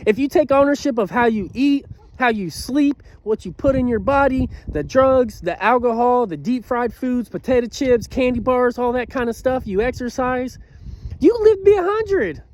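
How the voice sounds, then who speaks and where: A man in his thirties giving a motivational talk to camera, earnest and preachy, who keeps asking "you know what?" and swings between loud bursts and quiet, low passages. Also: normal speed. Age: 30s. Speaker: motivational speaker.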